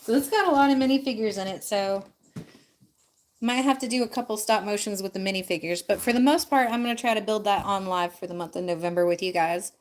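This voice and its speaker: A woman's voice: mid-range voice, fast. Chatty woman hosting a casual livestream. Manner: chatty, talks directly to viewers; loose, filler-heavy talk with frequent ums and likes. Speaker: livestream host.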